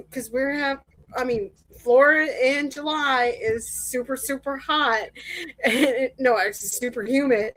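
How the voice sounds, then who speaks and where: Midwest woman guest, high-pitched, chatty and giggly, dry close sound. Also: no echo, rough recording. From Midwest US, born in Michigan. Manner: chatty, laughs often, acts out quoted exchanges. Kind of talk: casual chat on a live stream.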